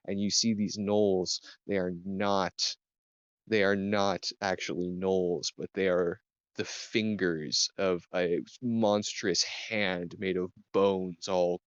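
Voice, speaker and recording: Slow, deep-voiced man narrating a game. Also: dry recording, highs cut off. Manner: slow and halting, many fillers. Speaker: game master.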